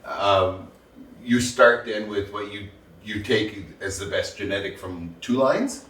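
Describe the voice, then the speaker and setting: A man's voice: lowish voice, takes it slowly, fairly bright tone. A man hosting a casual interview, asking curious questions with self-deprecating humor. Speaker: podcast host. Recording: roomy, distant mic.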